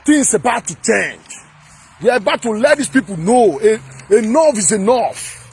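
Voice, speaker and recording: Nigerian guy ranting hard on his vlog, high voice, really raspy. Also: big pitch swings, normal speed. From Edo State, Nigeria. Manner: fiery, repetitive, at times shouting. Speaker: political vlogger. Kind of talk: impassioned political rant to camera.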